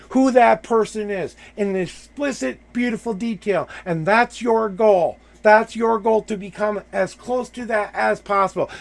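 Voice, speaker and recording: A man's voice: sits high, creaky, a bit bright. A man hosting a live tarot reading, coaching the person he reads for with emphatic, repeated affirmations.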